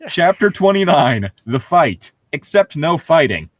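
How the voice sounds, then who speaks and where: Giggly young man with lively pitch. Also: a little slow, dry recording. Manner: laughs often, rambling with many fillers. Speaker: podcast co-host. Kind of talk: casual chat.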